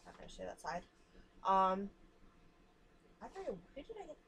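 A woman's voice: mid-range voice, very animated, normal speed, fairly bright tone, a little hiss or hum. A young woman vlogger chatting frankly and casually while showing free samples to the camera. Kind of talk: casual chat.

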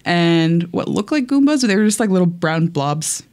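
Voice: mid-range voice, sing-song, normal speed, darkish tone. Chatty podcast host reading gaming news. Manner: chatty, swears casually, many ums. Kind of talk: casual podcast chat.

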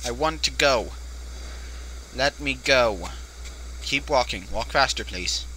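A man's voice: medium pitch, expressive, takes it slowly, pushed and bright, slight background noise, low-quality recording. A man hosting a let's play, joking, swearing and jumping at scares as he talks to the screen. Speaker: gaming video host.

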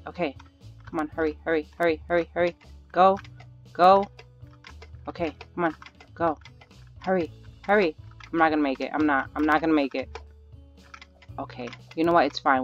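A gamer keeps up a jittery running commentary while playing, cheering and pleading at the screen in a medium-pitched voice. The audio sounds a bit dull and lo-fi, with faint music playing underneath. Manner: excitable, nervous self-talk with repeated urging. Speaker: gaming channel host. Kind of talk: live gameplay commentary.

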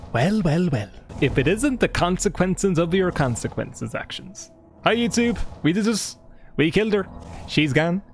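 An Irish man streaming a video game live, cracking jokes, swearing and bantering excitedly with his chat. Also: mid-range voice. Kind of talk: live gameplay commentary.

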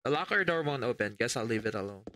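A man's voice: medium pitch, expressive, quick pace, bright, forceful tone, slight background noise. A man doing let's play commentary on a horror game, reading on-screen text aloud and muttering his reactions. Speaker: gamer.

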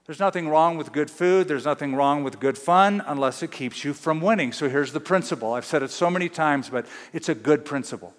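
A man's voice: fairly high pitch, a little fast, few pauses, big-room sound. A man preaching a sermon as pastor, emphatic and full of rhetorical questions. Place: church.

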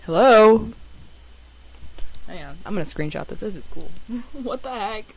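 A young woman, a gaming YouTuber, chatting excitedly to her viewers as she plays. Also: mid-range voice, fairly quick, vocal fry, breathy edge, poor audio. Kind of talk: casual game commentary.

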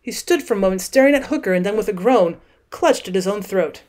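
A woman teacher narrating a classic short story as an audiobook in a steady, clear reading voice. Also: mid-range voice, fairly quick.

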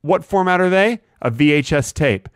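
A man co-hosting a comedy podcast, confidently stating absurd claims in a deadpan way. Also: fairly high pitch, normal speed, clean tone, no echo, studio quality. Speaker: podcast co-host. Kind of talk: improvised comedy banter.

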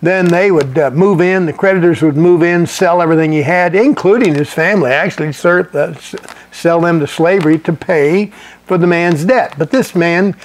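A man's voice: a little high, moderate pace. A middle-aged male pastor teaching a sermon in a folksy, conversational way, chuckling and restarting his sentences.

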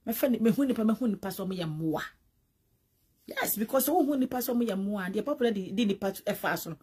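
Husky Ghanaian woman gossiping animatedly. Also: mid-range voice, fast. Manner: animated, mixes English with Twi, repeats words. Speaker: entertainment vlogger. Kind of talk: casual gossip commentary.

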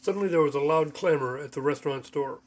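A man narrates his own comic book as an audiobook, in a light, playful storytelling manner. His voice sits fairly high for a man. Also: quick pace.

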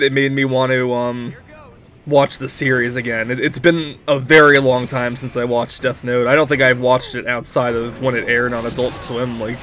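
A man's voice: medium pitch, fairly bright tone. Giggly rambling young man commenting. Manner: rambling, frequent "like", giggly laughing fits. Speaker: let's play commentator. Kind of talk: casual gameplay commentary.

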